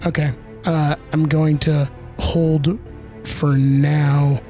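A man's voice: fairly high pitch, flat delivery, drawn-out words, mellow, faint music behind. Playful male tabletop player. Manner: casual, playful, slangy. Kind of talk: casual tabletop game chat.

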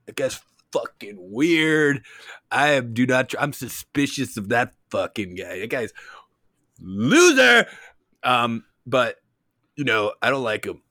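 A man voicing a loud party-bro teenage boy who shouts and leans on bro slang, in a comedic tabletop game. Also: mid-range voice, dry recording, studio quality, close to an everyday voice.

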